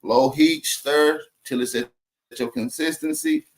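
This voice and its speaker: A man's voice: on the high side, huge pitch swings, unhurried, creaky. A young man from Tennessee, chatting easily as a caller on a livestream. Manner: easygoing, laid-back chatter.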